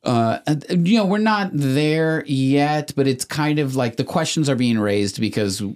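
A man's voice: fairly high pitch, expressive, a little slow, a little mellow. A man co-hosting a podcast, chatting casually and thoughtfully with many filler words and easy laughs. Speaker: podcast co-host. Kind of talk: casual chat.

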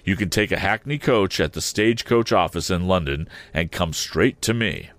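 A man's voice: low-pitched, normal speed, a bit bright, no room sound. A man voicing a brusque, commanding middle-aged lawyer with a clipped delivery. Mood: stern.

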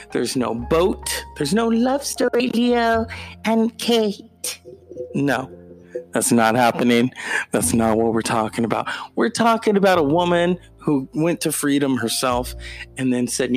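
A man hosting a casual solo podcast, talking in an animated, digressive way with mock-dramatic outbursts. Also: mid-range voice. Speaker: podcast host.

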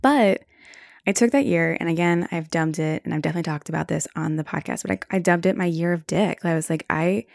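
Frank woman with a gravelly low voice. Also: brisk, a little mellow, dry recording, clean studio sound. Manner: frank, swears freely, many "like" fillers. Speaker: podcast host. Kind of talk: candid casual monologue.

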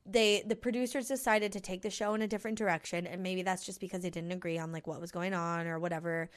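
A woman's voice: fairly low pitch, fairly even intonation, fast talker. Chatty woman full of fillers. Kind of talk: casual gossip chat.

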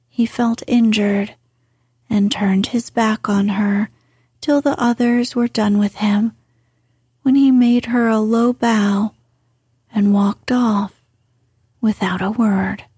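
A woman narrates a classic story in a whispered role-play, slow and deliberate. Her voice is breathy and dark-toned, sitting a little high, and the recording is close and dry. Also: no echo. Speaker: audiobook reader.

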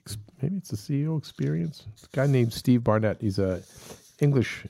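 A man's voice: medium pitch, expressive, normal speed, vocal fry, mellow. A man co-hosting a podcast in casual chat, rambling with many restarts and fillers. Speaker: podcast co-host.

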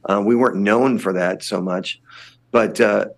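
Older male guest, gravel in a low voice, loose rambling talk. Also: fairly even intonation, measured pace. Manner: rambling, many restarts and fillers. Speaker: lead singer of a punk band, podcast guest. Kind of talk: casual interview chat.

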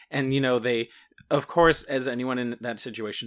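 A man's voice: mid-range voice, steady tone, moderate pace. Man in casual chat about a film. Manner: conversational, acts out quotes with bursts of energy.

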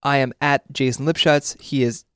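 A man hosting a casual music podcast, chatty and quick to laugh. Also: mid-range voice, steady tone, fairly bright tone, clear, resonant tone, no room sound, studio quality. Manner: chatty, laughs often, fillers and restarts. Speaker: podcast host. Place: based in New York.

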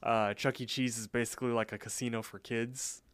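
A man with a smooth, resonant voice recaps a cartoon episode in loose, chatty fashion. He leans on fillers and restarts and now and then pops into quick character voices. His sound is close and dry. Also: medium pitch, little pitch movement, a bit bright, no echo. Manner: loose, filler-heavy retelling with quick voice impressions. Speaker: podcast co-host.

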